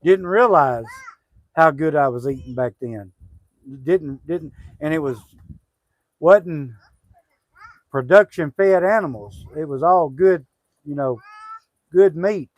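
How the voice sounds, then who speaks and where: A middle-aged man from Southwest Arkansas, talking loosely about country life on a homestead livestream. His voice sits a bit high for a man and sounds close and dry. He rambles warmly with many fillers and restarts. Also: takes it slowly, long pauses, dry recording, low-quality recording. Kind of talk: casual livestream chat.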